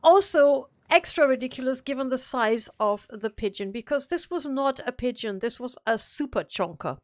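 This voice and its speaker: A woman with a slightly high voice chats casually on a gaming stream. She rambles through playful stories with lots of fillers. The recording is close and dry. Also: animated, normal speed, a little mellow, no echo. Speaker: co-host of a gaming live stream.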